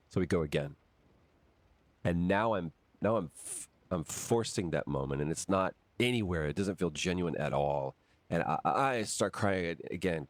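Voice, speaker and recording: A man with an extremely deep voice, speaking as an actor in interview. He tells the story candidly and acts out the dialogue he quotes. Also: takes it slowly, faint music behind. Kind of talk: interview anecdote.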